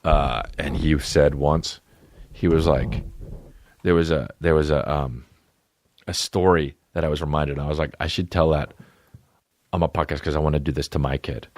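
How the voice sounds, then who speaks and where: A man hosting a podcast, telling a funny family story and acting out a scared child in a high voice. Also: steady tone, normal speed, pauses often, dry recording. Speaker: podcast host. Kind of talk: solo comedic storytelling.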